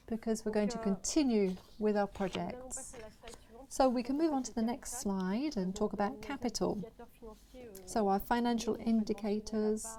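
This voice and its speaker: Mellow-voiced woman presenting company results. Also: mid-range voice. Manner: hesitant, with frequent fillers and restarts. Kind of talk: corporate results presentation to investors.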